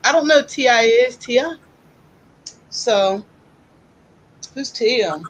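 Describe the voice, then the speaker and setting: A high-voiced woman chatting through psychic readings on a live stream. She tells stories in an animated way and talks freely. Her delivery is casual and conversational. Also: slow, slight background noise, poor audio. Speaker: psychic reader, co-host.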